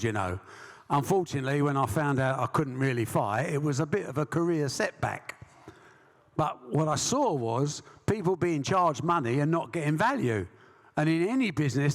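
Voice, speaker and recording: A man's voice: fairly high pitch, big pitch swings, normal speed, big-room sound. A man with an English accent, a sports promoter telling brash stories in a live stage interview and acting out the voices. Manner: brash anecdotal storyteller, acts out voices. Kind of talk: storytelling interview.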